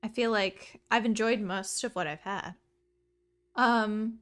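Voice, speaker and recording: A woman streamer giving chatty, excitable let's play commentary full of rambling asides. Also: medium pitch, slow pace.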